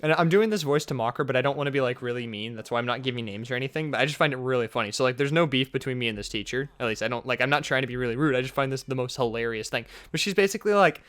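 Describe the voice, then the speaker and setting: A young man in his twenties telling a funny school story in casual vlog chat, full of fillers, and he jumps up high for exclamations. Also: racing, hardly any pauses, fairly bright tone. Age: young adult. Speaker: storytelling vlogger.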